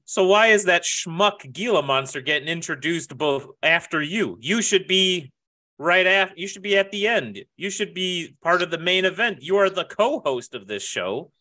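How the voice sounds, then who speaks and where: A man's voice: high voice, lively intonation, moderate pace, pushed and bright. A man playing a grumpy, self-important guest who grumbles dryly. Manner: dry, grumbling, reluctant.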